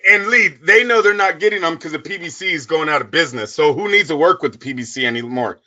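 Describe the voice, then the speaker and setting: A man co-hosting a boxing radio talk show, ranting loudly and swearing often in heated sports talk. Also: a little high, fast, lo-fi sound. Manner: loud, profane, ranting.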